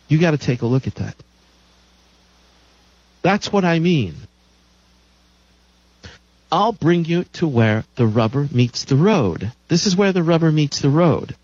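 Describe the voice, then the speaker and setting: A man's voice: medium pitch, darkish tone, no echo. A man hosting a health show, lecturing emphatically and repeating his key claims. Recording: dull lo-fi dry recording.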